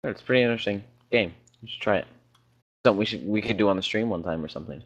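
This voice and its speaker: A man's voice: on the low side, very fast, slightly rough, muffled recording. A man co-hosting a podcast, talking casually and rambling with hesitant fillers. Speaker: podcast co-host. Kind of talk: casual chat.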